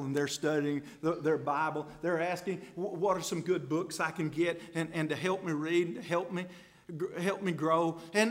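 Speaking straight to his congregation, a man preaches a folksy, impassioned sermon in a slightly high voice, shifting from hushed asides to loud climaxes.

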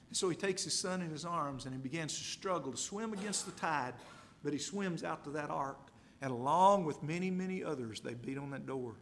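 A man preaching a sermon, dramatic and emphatic, repeating phrases and swinging from loud to hushed. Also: fairly high pitch, expressive, normal speed.

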